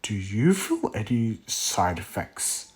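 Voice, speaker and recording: Guy half-doing a jumpy bitter scientist dude, slow and full of "like"s. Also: lowish voice, sing-song, husky, pitched below the performer's own voice, full character voice. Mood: earnest. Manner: loose, filler-filled quoting. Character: eccentric male scientist, bitter and excitable.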